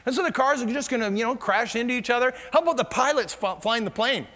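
A middle-aged pastor preaches a sermon in a large church hall, telling humorous stories and laughing at his own jokes. He talks fast in a very high-pitched, slightly bright voice. The hall makes the recording reverberant.

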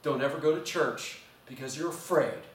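A male pastor with a slightly high voice, preaching earnestly and sinking into a soft hush when he pleads. The sound is roomy and distant, picked up across a large church sanctuary. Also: moderate pace. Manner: earnest and storytelling, drops to a soft intimate hush. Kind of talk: sermon.

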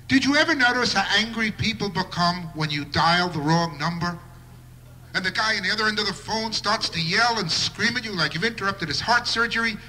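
Wry stand-up comic man, lively and bright. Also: high voice. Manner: wry observational delivery with mock outrage. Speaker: stand-up comedian. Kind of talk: live stand-up routine.

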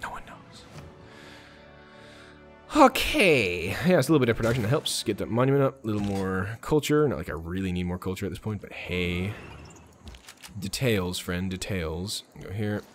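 A man's voice: on the low side, animated, brisk, faint music behind. A man hosting a let's play, chatting casually and muttering orders to his game units. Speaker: gaming channel host.

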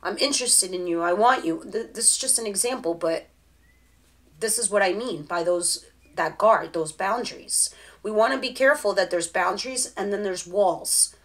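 A woman's voice: medium pitch, normal speed. A woman giving a casual tarot reading straight to the viewer, chatty and direct. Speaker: tarot reader.

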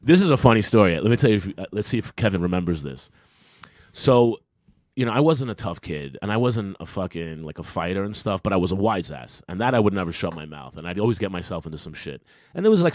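A young adult man, a comedian co-hosting a podcast, telling a story casually, swearing a lot and jumping into loud impressions of the people in it. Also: sits low, no room sound, studio quality. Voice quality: profane, wisecracking delivery. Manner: acts out quoted lines in a jumped-up loud voice.

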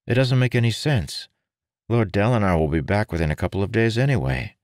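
An anxious, bewildered young man who keeps questioning and pleading, as a man puts him on. The voice is raised well above the reader's own deep tone, in a dry, close storybook recording. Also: expressive, brisk, a little mellow, no room sound, lightly acted.

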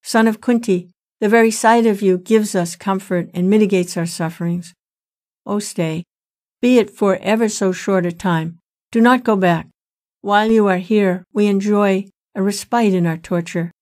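A woman's voice: mid-range voice, normal speed, darkish tone, natural voice. A woman reading the lamenting pleas of tormented souls in a storybook retelling, mournful and pleading. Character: chorus of tormented souls in hell.

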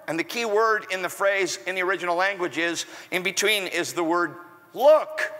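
A male pastor preaching an animated sermon, acting out the scripture with raised shouts. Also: high-pitched, moderate pace. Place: large church hall with long reverb. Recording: live sermon in reverberant church hall.

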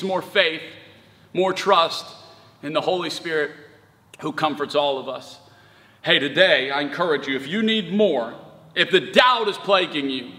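High, bright-voiced pastor in his thirties. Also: long reverb tail. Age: 30s. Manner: animated storytelling, conversational with emphatic surges. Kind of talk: sermon.

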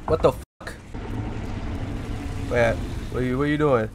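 Man, gaming commentary, trash talk, swearing, excitable, faint noise in the background. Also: medium pitch, unhurried. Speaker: gaming YouTuber. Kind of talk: let's-play commentary.

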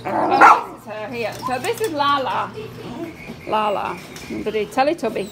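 A woman's voice: a little high, very animated, unhurried, gravelly, heavy background noise. A woman at a dog rescue, introducing new dogs in a casual walkaround video and cooing baby talk to them, recorded outdoors by the kennels on a phone. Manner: coos and baby-talks to the dogs.

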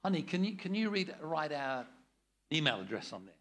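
A man's voice: on the high side, very animated, a little fast, fairly bright tone. An older man running a preaching workshop, blunt and jokey, acting out different tones of voice as he teaches. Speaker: preaching trainer.

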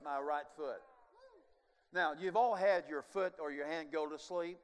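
An older male preacher tells his story from the pulpit, his voice sitting a little high. He drops to a near hush, then surges loud with chuckling asides. His words ring out with the long reverb of a big sanctuary. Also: a little slow, a faint crowd. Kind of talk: sermon testimony storytelling. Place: large church sanctuary.

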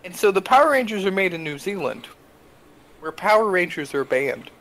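A young adult man co-hosting a casual podcast, telling a story with animated, exasperated asides. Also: sits high, moderate pace. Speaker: podcast co-host.

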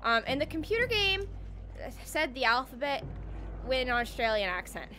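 Bright high-voiced woman streamer. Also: big pitch swings, normal speed, a little hiss or hum. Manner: chatty, bubbly, talks to chat. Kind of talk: casual live-stream chat while gaming.

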